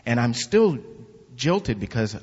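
A husky man tells his church testimony as an animated story, putting on the voices of the people in it. The sound is dull and lo-fi, with a long reverb from a large hall. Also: medium pitch, slow pace. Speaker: church member giving testimony. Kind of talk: spoken testimony.

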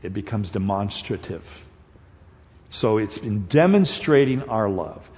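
Male preacher, slow, halting delivery, muffled lo-fi recording in a reverberant sanctuary. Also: lowish voice, lively intonation, darkish tone. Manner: halting, many fillers and restarts; grows emphatic and repetitive at points. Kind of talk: sermon. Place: church sanctuary. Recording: dull lo-fi sound with long hall reverb.

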